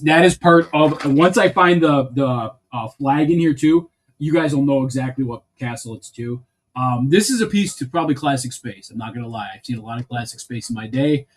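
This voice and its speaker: A man chatting casually to viewers as he sorts through a bin of toy bricks, rambling and easily excited, with mild swearing. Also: medium pitch. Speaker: LEGO reseller vlogger. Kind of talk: casual sorting commentary.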